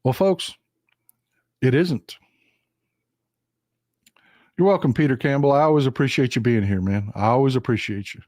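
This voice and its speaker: A man's voice: mid-range voice, moderate pace, pauses often, a little mellow, no room sound, studio quality. A man with a Texan accent giving a casual political monologue on his live stream, emphatic and repetitive, often calling his viewers folks. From Texas.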